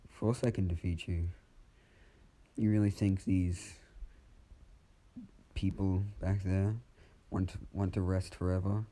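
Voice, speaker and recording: A man's voice: sits low, little pitch movement, slow, long pauses, warm tone. A man voicing a menacing young male heir of the underworld in a fan-made spoken story, cold and taunting.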